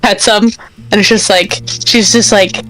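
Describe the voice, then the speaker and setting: A woman playing a tabletop game, bubbly and excitable as she describes her character. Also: medium pitch, normal speed, soft background music, rough recording. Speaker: player. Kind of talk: tabletop role-play.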